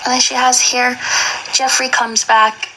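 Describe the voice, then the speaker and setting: A woman's voice: high voice, little pitch movement, unhurried, bright, forceful tone, slight background noise, poor audio. A young woman reading aloud and reacting emotionally, with many exclamations and slang.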